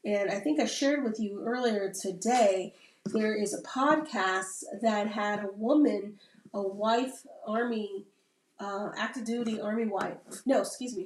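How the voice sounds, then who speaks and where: A woman's voice: mid-range voice, unhurried. A woman, a Navy veteran, talking in a casual, rambling podcast conversation and often checking in with "right?". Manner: rambling, keeps adding "right?" tags. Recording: roomy sound from a distant mic.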